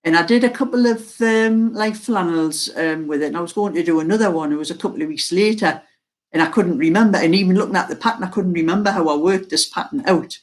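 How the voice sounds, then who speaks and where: An older woman with a mild Geordie accent, chatting slowly and casually to her viewers as host of a knitting channel, laughing often. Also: on the low side. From North East England.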